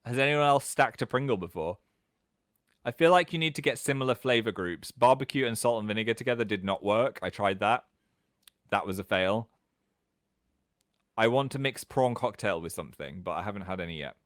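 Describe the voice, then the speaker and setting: A British man in his thirties hosting a casual livestream from home, chatting and reading out viewer comments in an animated way. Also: no echo, studio quality. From England. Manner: chatty, animated, quick jumps in pitch. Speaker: livestream host.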